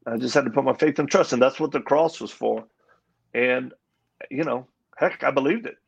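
The recording has the highs cut off as a man with a mid-range, creaky, slightly rough voice talks at normal speed. Interviewed live at a Christian coffee house, he earnestly relates his personal testimony and acts out what others said.

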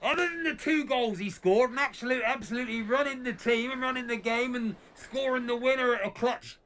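A man's voice: very high-pitched, brisk, a bit bright, pitched above the performer's own voice. A man voicing a grumpy old male football fan, sarcastic and exasperated, swearing constantly in a comedy sketch. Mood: grumbling. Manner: sarcastic, exasperated, keeps saying "bloody hell".

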